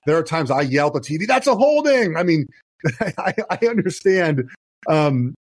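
A man's voice: fairly high pitch, moderate pace, no echo. A man in his thirties with a slightly raised voice explains football plays in a casual chat. He restarts often and leans on "you know". The sound is close and dry. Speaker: guest, former NFL player.

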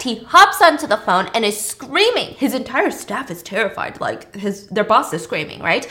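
Young woman host, slightly high voice, chatty and animated film recap. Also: normal speed, hardly any pauses. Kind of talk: casual film recap while eating.

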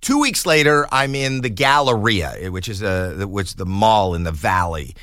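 A middle-aged comedian tells a story in a lively, bright voice that swoops up and down as he laughs. He is higher-pitched than most men and does quick voices for each person in the tale. The sound is close and dry. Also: no room sound. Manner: animated, laughing, voices in quotes. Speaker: podcast guest comedian. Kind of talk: storytelling anecdote.

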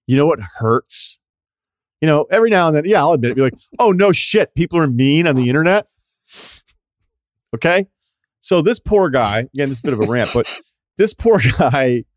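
A man's voice: fairly low pitch, no room sound, clean studio sound. A man hosting a podcast, ranting in a casual, sardonic and profane way. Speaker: podcast host.

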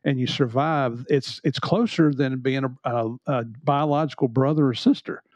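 A man's voice: medium pitch, moderate pace, darkish tone, no echo. A middle-aged former cop hosting a podcast, earnest and reflective as he talks. The recording is dry and a bit dull, like a modest mic. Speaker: podcast host, former police officer. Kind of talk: casual interview talk.

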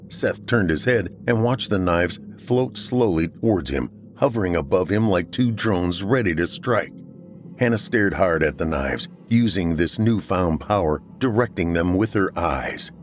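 A man narrating a horror story for a podcast in a steady storytelling manner. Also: deep voice, a little slow, soft background music.

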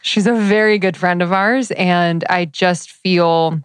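Woman podcast cohost, kinda low voice, earnest and reflective, dry close mic. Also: fairly even intonation, slow pace, smooth, no room sound. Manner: earnest, reflective, swears casually. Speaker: podcast co-host. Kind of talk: casual chat.

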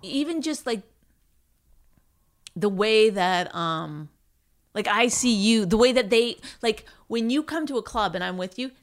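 In an animated, mid-range voice at a moderate pace, a woman comedian who does stand-up and co-hosts a podcast chats casually. She rambles through a story packed with restarts and quoted voices.

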